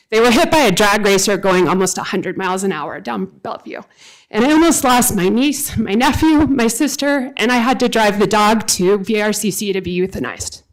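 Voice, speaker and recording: A woman in her forties giving unprepared public comment at a city council meeting, earnest and halting, with many restarts. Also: medium pitch, rough recording. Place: council chamber, speaking at a podium.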